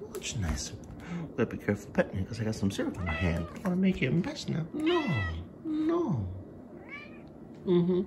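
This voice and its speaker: A man's voice: medium pitch, background noise. A man talking to his cat at home in a doting baby-talk voice. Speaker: pet vlogger. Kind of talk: casual talk to a pet cat.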